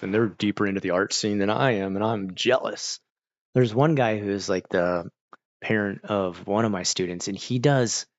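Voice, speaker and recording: A man's voice: fairly low pitch, dry recording. A man, an art teacher, chatting casually on a livestream, joking and swearing as he rants. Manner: profane, ranting, joking. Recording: dull lo-fi stream audio, dry.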